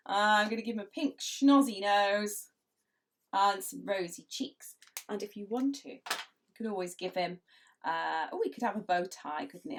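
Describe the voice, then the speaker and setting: A middle-aged woman, chatting playfully as she leads a drawing lesson for children. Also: mid-range voice. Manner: chatty, playful, laughs often. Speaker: illustrator teaching drawing.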